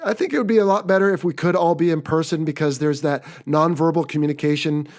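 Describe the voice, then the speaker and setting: An upbeat American man hosts a casual podcast. His voice sits a bit high for a man, and his talk is chatty and relaxed. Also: quick pace. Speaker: podcast host.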